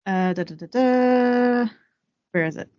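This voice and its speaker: In a slightly high, mellow voice, a Southern woman slowly retells a biography while co-hosting a podcast, summarizing the book casually with frequent "um"s and quotes from it. The sound is lo-fi, with no echo.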